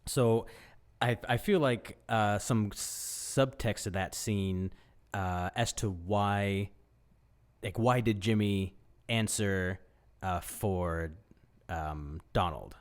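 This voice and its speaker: A man co-hosting a podcast, offering his reading of a film scene in a measured, hesitant way with many "uh"s. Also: fairly low pitch. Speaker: podcast co-host. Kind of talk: casual movie discussion.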